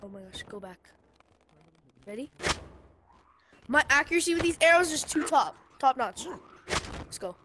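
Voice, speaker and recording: A young woman commenting casually on her game while playing, excitable and pleading during fights. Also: sits high, moderate pace, pauses often, noisy background. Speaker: gamer. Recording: loud game sounds behind voice.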